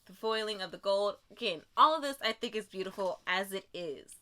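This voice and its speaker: A woman's voice: mid-range voice, lively intonation, a little fast, sharp tone. A young woman vlogging about books, unboxing a book box and gushing with emotion, dropping to whispers and rising to squeals. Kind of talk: excited unboxing vlog.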